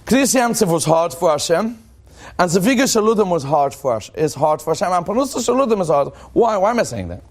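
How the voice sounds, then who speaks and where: A male rabbi teaches a lively Torah class, telling jokes and firing questions at his audience. His voice sits high and swoops up and down with real energy. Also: brisk. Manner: animated, joking, asks the audience questions.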